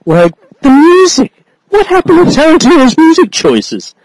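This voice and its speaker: A man's voice: very high-pitched, normal speed, no echo, rough recording. A man co-hosting a podcast, ranting in a casual chat, swearing freely and breaking into laughter. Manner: animated, swearing, laughing rant. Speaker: podcast co-host.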